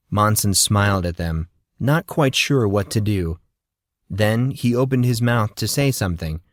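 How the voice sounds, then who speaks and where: A man narrating an audiobook in a steady storytelling delivery, close to the mic. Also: lowish voice, no room sound.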